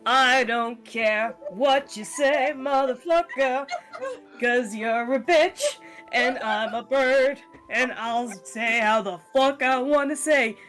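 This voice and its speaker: A woman's voice: high-pitched, takes it slowly, a bit bright, soft background music, voice pushed up. A woman voicing a rude, foul-mouthed male bird who mocks and taunts. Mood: mocking. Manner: crude, mocking taunts.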